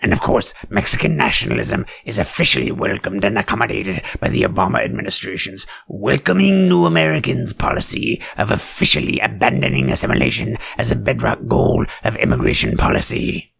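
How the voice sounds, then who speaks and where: Gravelly sarcastic male commentator, wildly swinging pitch. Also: big pitch swings, fairly quick, hardly any pauses. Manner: sarcastic, breaks into shouted outbursts. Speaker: satirical commentator. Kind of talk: mock-serious reading with ranting asides.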